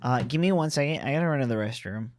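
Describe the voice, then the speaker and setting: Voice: medium pitch, expressive, fast talker. A game streamer with a Texan accent, swearing and joking sarcastically while playing. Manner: profane, sarcastic, laughing asides. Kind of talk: casual gameplay commentary.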